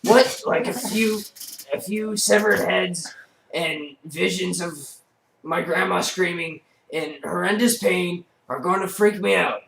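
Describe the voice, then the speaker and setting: A man voicing a boastful, muscle-bound male monster in a loud, strained put-on voice. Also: high voice, takes it slowly, creaky, recorded from a distance, background noise, pitched above the performer's own voice, heavily acted. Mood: scoffing. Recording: roomy echoey room.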